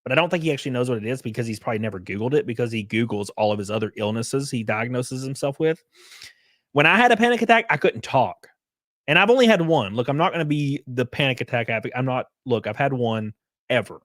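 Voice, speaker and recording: A man hosting a live stream, commenting casually with swearing and quick laughs. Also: mid-range voice, a bit bright, no room sound. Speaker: streamer host.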